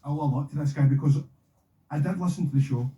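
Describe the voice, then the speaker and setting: A man's voice: fairly high pitch, fast talker, reverberant, low-quality recording. A Scottish man telling stories and joking as a guest in a radio studio. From Scotland. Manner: joking, animated storyteller. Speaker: guest wrestler. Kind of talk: casual radio studio chat.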